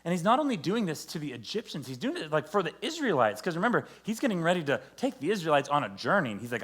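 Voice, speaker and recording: A man's voice: fairly high pitch, sing-song, quick pace, few pauses, fairly bright tone, slightly rough. A man giving a conversational, joking sermon to a church, acting out quotes along the way. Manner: conversational, jokey preaching with acted-out quotes. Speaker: pastor. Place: church service.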